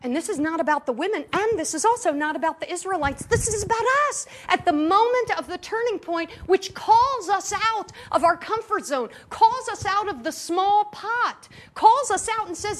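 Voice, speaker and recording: High-voiced woman preaching. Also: lively intonation, normal speed, hardly any pauses. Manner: emphatic, uses rhetorical questions and repetition; laughs and jokes between points. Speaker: spiritual teacher. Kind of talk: sermon to a live gathering. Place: meeting room in New York.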